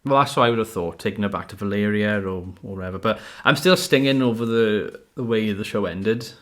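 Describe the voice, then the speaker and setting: A man's voice: fairly low pitch, a little fast, fairly bright tone. A man hosting a casual home podcast, rambling through his points with many fillers and frequent laughs. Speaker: podcast host. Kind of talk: casual chat. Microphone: audio-only podcast mic.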